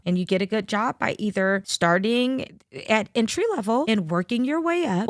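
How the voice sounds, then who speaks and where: A woman's voice: medium pitch, no room sound, clean studio sound. Blunt, lecturing woman commentator. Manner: blunt, lecturing, addresses viewers directly. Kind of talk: opinion commentary to camera.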